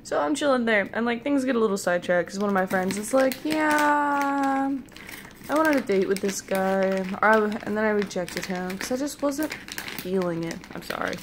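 With lively intonation and a brisk pace, this young vlogger tells a rambling dream story in a mid-range voice, playfully imitating people and munching jelly beans between lines. Background noise can be heard.

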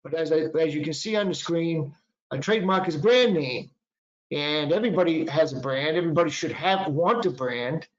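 A middle-aged man with a Boston accent walks through a presentation as a patent attorney, chatty and full of fillers and restarts. His voice sits a little high. The recording is roomy and echoey, with a dull, lo-fi sound. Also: brisk. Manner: conversational, frequent fillers and self-corrections. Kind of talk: webinar presentation.

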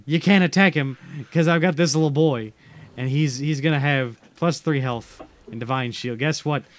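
A man's voice: a little high, normal speed. A young man streaming a card game, chatting casually with friends in a hammy, teasing way. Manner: hammy, teasing, laughs a lot. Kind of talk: casual chat while gaming.

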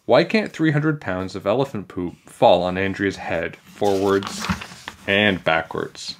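A man's voice: low-pitched, unhurried. A man voicing an eccentric woman teacher who adores bugs. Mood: chirpy.

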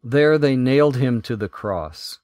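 A man hosting a Bible podcast, reading scripture in a measured, deliberate way. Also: medium pitch, animated, darkish tone, no echo.

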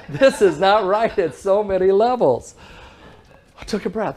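A man giving a talk, telling a story in a lively way and acting out both sides of a phone call, often laughing and pausing for the audience. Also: a little high. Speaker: public speaker.

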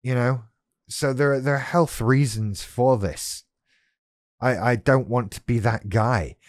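Sitting at his desk at home, a man vlogs about BPD in a candid, reflective monologue, thinking aloud and questioning himself frankly. His mid-range voice is a little slow, captured in a dry, studio-quality recording.

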